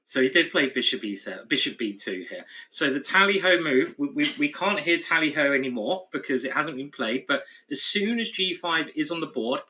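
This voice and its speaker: A man's voice: on the high side, animated, brisk, few pauses, sharp tone. A man commentating live on a chess game, chatty and explanatory with his co-host. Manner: chatty, explanatory, laughs easily.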